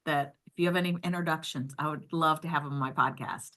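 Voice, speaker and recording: A woman's voice: deep voice, fairly even intonation, quick pace, fairly bright tone. A woman hosting a podcast, chatting enthusiastically with her guest, with plenty of "like" and "um". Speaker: podcast host. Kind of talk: casual podcast interview.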